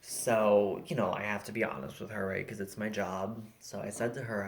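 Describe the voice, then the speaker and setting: A man's voice: fairly even intonation, brisk, vocal fry, few pauses. Chatty young man, self-mocking stand-up. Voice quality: high-pitched, often mistaken for a woman. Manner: self-mocking, chatty, lots of likes and you-knows. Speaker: stand-up comedian. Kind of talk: stand-up set. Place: home. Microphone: laptop video call.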